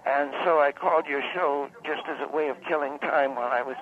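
A man voicing a confused older woman caller who is lost at a carnival, halting and hesitant as she stumbles over her own spelling. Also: on the high side, natural voice. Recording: phone-like call line.

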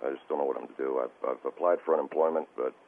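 Very deep-voiced man calling in by phone. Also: steady tone, vocal fry. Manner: halting, stammering and distressed. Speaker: caller. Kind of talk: call-in radio conversation. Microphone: telephone. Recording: tinny phone line with faint hiss.

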